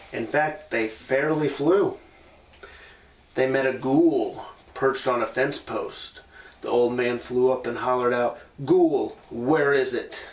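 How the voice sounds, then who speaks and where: A man reading a storybook aloud indoors in an old house, with playful asides to his listeners. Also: mid-range voice. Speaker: paranormal investigator. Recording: roomy sound from a distant mic.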